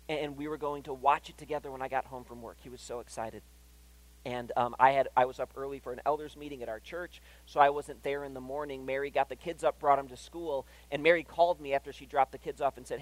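A man's voice: medium pitch, rough recording. A man preaching a sermon in a church, conversational and often asking "right?". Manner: conversational, keeps checking in with "right?". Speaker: pastor. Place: church hall.

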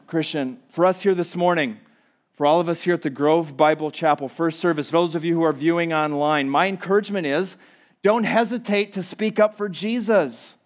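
A male pastor preaching a sermon to a church congregation, swinging from loud emphatic lines to hushed ones. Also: sits high. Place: church sanctuary.

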